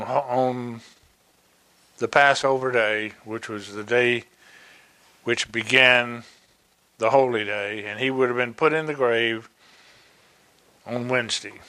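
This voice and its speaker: A man preaching a sermon, reading Bible verses and explaining them with slow, deliberate asides. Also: medium pitch, fairly even intonation, sharp tone, clean tone.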